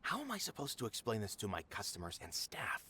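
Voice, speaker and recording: Casting: a warm-hearted theater boss, bright, expressive, slightly high voice. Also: male voice, quick pace, slightly rough, full character voice. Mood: distressed. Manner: gentle, anxious, pleading. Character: worried, kindly middle-aged theater manager. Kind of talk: game voice acting.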